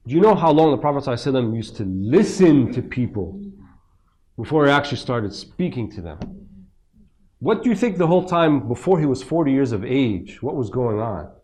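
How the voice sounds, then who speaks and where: Man, mid-pitched teacher, conversational lecture, heavy on rhetorical questions. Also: darkish tone. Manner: conversational, rhetorical questions, acts out quoted speech. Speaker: religious teacher. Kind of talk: lecture commentary to a seminar audience. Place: mosque.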